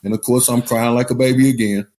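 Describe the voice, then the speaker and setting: In a casual recovery podcast, a male guest with a middle-pitched voice tells his story openly and without holding back, swearing freely. His tone is warm and steady, his pace quick, and the studio audio is close and clear.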